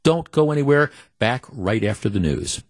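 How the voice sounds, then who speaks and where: A man's voice: mid-range voice, lively intonation, moderate pace, no echo, studio quality, soft background music. A middle-aged man from Wisconsin hosting a radio talk show, rambling chattily with many restarts. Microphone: studio microphone.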